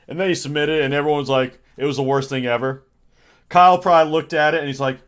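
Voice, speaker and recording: A man's voice: medium pitch, fast. Rambling, sarcastic man chatting on stream. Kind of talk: casual livestream chat.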